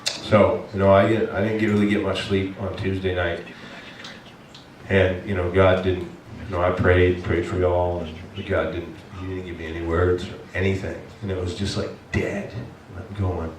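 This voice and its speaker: A man from Maine preaching a sermon as pastor, telling a hunting story in an animated way and breaking into loud exasperated shouts. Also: low voice, moderate pace. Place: church sanctuary. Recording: echoey church hall, from a distance, faint noise.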